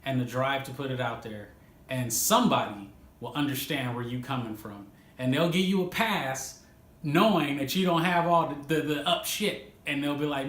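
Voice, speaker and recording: A man hosting a casual advice vlog for music creators, swearing freely and laughing between points. His voice sits a little high. The room around him echoes. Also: normal speed, sharp tone. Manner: profane, laughing, emphatic. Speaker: music producer and video host. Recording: roomy echo.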